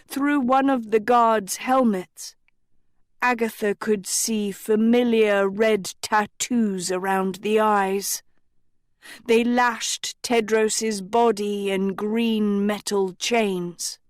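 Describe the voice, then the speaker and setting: A woman reading a storybook aloud in scripted narration, slow and deliberate. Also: medium pitch, steady tone, clear, resonant tone, dry recording, clean studio sound. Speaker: audiobook reader.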